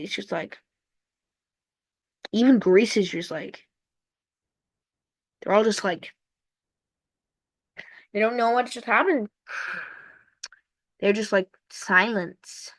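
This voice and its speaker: Playful slow-talking woman narrator. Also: medium pitch, no echo. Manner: playful, rambling, jokey asides; repeats words in sing-song fashion. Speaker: map video narrator. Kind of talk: casual commentary over a map.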